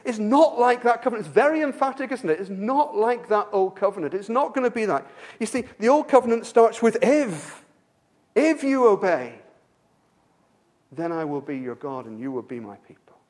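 A man with a notably high-pitched voice delivers a sermon. He is emphatic and repeats key phrases, often turning to the congregation with rhetorical questions. His volume rises for stresses and drops to near-quiet for tender points. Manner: swings between loud emphasis and quiet, soft-spoken stretches. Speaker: preacher.

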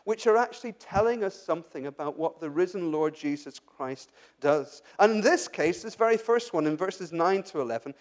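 High-voiced man preaching a conversational sermon. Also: lively intonation, normal speed, few pauses. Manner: conversational, with frequent restarts and rhetorical questions; addresses the congregation directly. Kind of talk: sermon, Bible exposition.

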